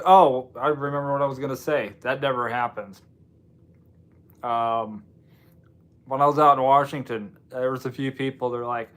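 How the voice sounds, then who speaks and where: An American man with a mid-range voice hosts a casual livestream, keeping a steady tone at normal speed and pausing often. He chats with viewers in a rambling, self-deprecating way.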